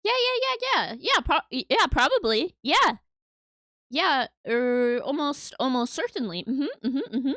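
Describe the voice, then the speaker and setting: A woman's voice: high voice, big pitch swings, measured pace, bright, forceful tone, no echo, studio quality. A woman livestreaming from home, chatting playfully and giggling with her viewers at a desk microphone. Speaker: streamer. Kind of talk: casual livestream chat. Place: home room.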